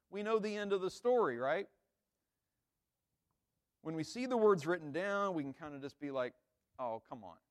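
A man preaching a sermon in a conversational way, often checking in with "right?" and acting out quoted lines. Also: high voice. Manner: acts out the disciples' lines with rising emphasis. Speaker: pastor.

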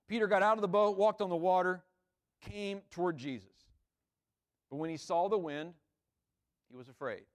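Man, high voice, casual preacher, repeats himself, keeps asking "right?". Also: moderate pace, pauses often. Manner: informal, repeats words, asks the listeners "right?". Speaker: pastor. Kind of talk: conversational sermon.

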